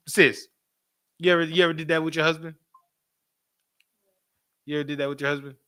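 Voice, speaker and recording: A man teaching a class in a casual preaching style, animated and repetitive, often turning to the audience with asides and breaking into laughter. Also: fairly high pitch, brisk, long pauses, clean tone. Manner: laughs often while talking.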